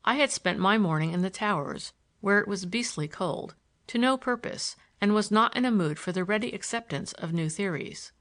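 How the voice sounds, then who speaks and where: A woman narrating a first-person novel as an audiobook, reading in a measured, expressive way. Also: medium pitch.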